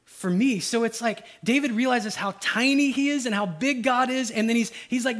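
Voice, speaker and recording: A man's voice: high voice, animated, normal speed, few pauses. A middle-aged man preaching a casual, conversational sermon, acting out the voices of people in his stories. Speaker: pastor.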